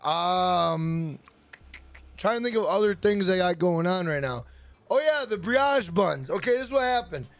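Male streamer, very high voice, dry close sound, swears constantly, chatty storyteller. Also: animated, measured pace, no echo. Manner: profane, rambling storyteller greeting chat by name. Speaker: livestream host. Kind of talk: casual livestream chat.

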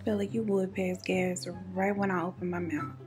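A woman's voice: on the low side, flat delivery, normal speed, a little mellow, soft background music. A woman, telling a true crime story in a casual, sassy way while doing her makeup at home. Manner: chatty, sassy asides. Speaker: beauty and true crime YouTuber.

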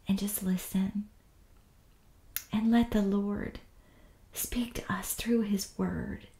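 A woman teaching the Bible in a gentle devotional style, often half-whispering with tender warmth. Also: medium pitch, roomy sound.

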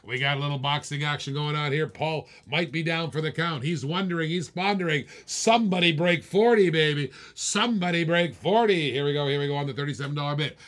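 A man's voice: fairly high pitch, fairly quick, hardly any pauses, fairly bright tone. A man hosting a live-stream auction, calling bids with playful, teasing, hyped-up patter. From Australia.

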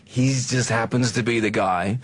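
A man's voice: mid-range voice, fairly even intonation, normal speed. An English man, a guest actor on a radio show, talking in a self-mocking, chatty way. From England. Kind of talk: radio interview.

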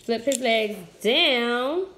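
A woman's voice: on the high side, lively intonation, extremely slow, sharp tone. A mother on a family channel chatting to viewers as she unboxes and demonstrates a toy, in a voice she calls whiny. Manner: chatty, addresses viewers as guys.

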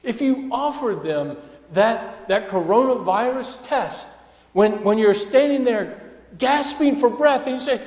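A male pastor preaching a sermon with passion, dropping to a hush and then rising to loud emphasis. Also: very high voice, expressive, measured pace. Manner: impassioned preaching, swinging between hushed and loud. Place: church sanctuary. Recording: echoey church hall.

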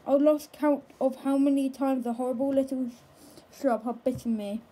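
A woman reading a children's book aloud in a slow, careful way, with occasional small stumbles over words. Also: high voice, steady tone, mellow, husky, low-quality recording. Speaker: storybook reader.

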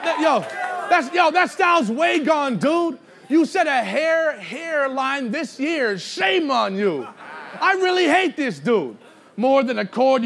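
A man battle rapping at a live event, mocking his opponent loudly and laughing through his lines. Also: extremely high pitch, creaky. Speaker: battle rapper. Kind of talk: battle rap performance. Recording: noisy live crowd recording.

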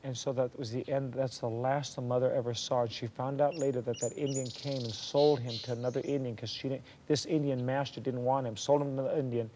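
A middle-aged man telling a true story to listeners in an animated way, raising his voice for the quoted lines. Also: medium pitch, fairly quick, few pauses, noisy background. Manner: drops to a hush for whispered lines.

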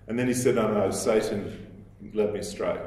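A man giving a recorded lecture, explaining at a measured pace and quoting sources, with some fillers. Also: fairly low pitch, darkish tone. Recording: very echoey room.

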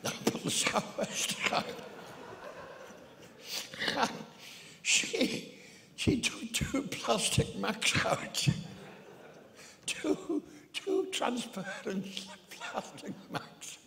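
A man's voice: extremely high pitch, sing-song, extremely slow, creaky, pauses often, a crowd in the background. An older man, a comedian, telling rambling comic stories on stage with many stammered restarts. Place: theatre stage. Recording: long hall reverb.

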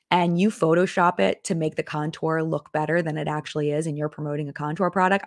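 Woman, young adult, low voice, dry close sound, casual live-stream host, rambling, chatty. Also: creaky, no room sound. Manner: chatty, rambling, lots of fillers and restarts. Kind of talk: casual live-stream chat reading viewer comments.

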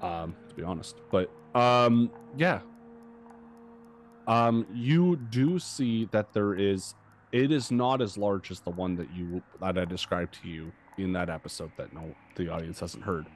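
Deep-voiced hesitant game master, a man. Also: a little slow, a little hiss or hum. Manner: hesitant, many fillers. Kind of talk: narrating a tabletop game.

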